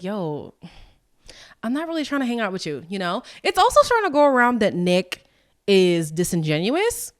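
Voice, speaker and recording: A woman hosting a podcast, chatting in a candid, sassy way with frank asides to her listeners. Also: smooth. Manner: lively, with quick jumps in pitch. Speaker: podcast host. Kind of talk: casual recap chat.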